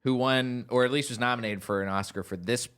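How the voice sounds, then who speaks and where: A man's voice: medium pitch, steady tone, brisk, fairly bright tone, smooth. A man hosting a casual film podcast, chatting in an opinionated way with jokey asides. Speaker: podcast host.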